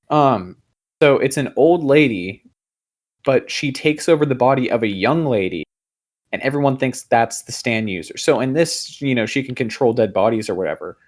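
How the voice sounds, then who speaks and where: A man's voice: medium pitch, expressive, measured pace. A young man co-hosting a podcast, talking in a casual, rambling way, full of fillers, restarts and offhand swearing. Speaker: podcast co-host. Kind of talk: casual chat.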